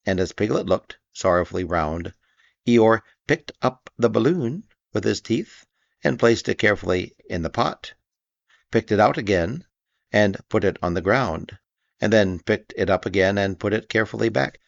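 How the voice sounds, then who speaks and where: A man narrating a classic children's story in a gentle, measured reading. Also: on the low side, animated, vocal fry, dry recording. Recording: dull, dry lo-fi recording.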